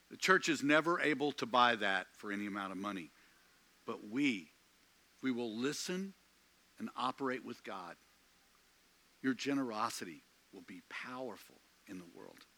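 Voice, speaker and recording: A man preaching a sermon from the pulpit, slow and emphatic with dramatic pauses. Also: medium pitch, pushed and bright. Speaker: pastor.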